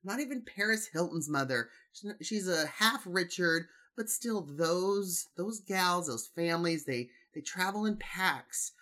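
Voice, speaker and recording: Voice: medium pitch, animated, unhurried, hardly any pauses, pushed and bright. Gossipy host reading reality show blogs, snarky, lots of "like", laughs at own jokes. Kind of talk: comedic commentary and blog reading.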